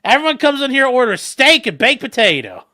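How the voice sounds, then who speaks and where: A man's voice: very high voice, very animated, brisk, pushed and bright, no echo, clean studio sound, voice pushed up, heavily acted. A man voicing a brusque old woman diner waitress who talks in a bossy drawl.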